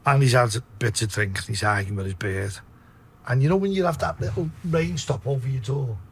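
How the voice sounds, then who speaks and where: A man with a Liverpool accent telling profane, animated stories in a casual interview. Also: medium pitch, a little fast, vocal fry, a little hiss or hum. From Liverpool, England. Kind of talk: casual storytelling.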